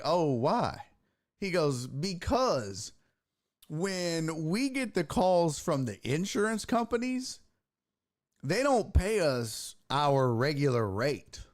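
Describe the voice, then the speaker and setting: A man hosting a sports podcast, telling a story casually and acting out the people in it, with lots of swearing. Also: a little high. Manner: animated, profane, acts out voices in his anecdotes.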